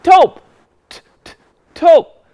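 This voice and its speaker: A man voicing an excitable young male toy-tank puppet who struggles with the S sound and says T instead. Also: sits high, normal speed, highs cut off, heavily acted. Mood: proud. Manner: eager, stumbles over S sounds and says T instead. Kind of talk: children's puppet show.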